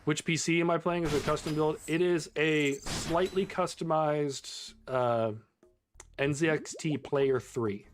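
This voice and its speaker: A man's voice: fairly high pitch, fairly even intonation, unhurried. A young man chatting casually with his viewers while he plays a game on stream, laughing often. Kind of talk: casual live-stream chat while gaming.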